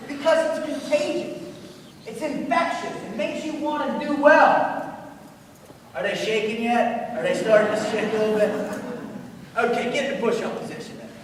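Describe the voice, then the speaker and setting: Brief: energetic man exhorting a student crowd, voice strained very high, echoey hall recorded from far off. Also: moderate pace, long pauses, a little hiss or hum. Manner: fired-up, pumped, exhorting. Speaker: motivational speaker. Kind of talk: motivational speech to a school audience. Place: large indoor hall with audience.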